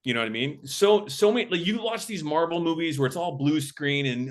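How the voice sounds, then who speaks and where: A man's voice: on the high side, lively intonation, fairly quick. A man, a film director and camera operator, tells stories as a guest in a casual interview and acts out the voices of people he quotes.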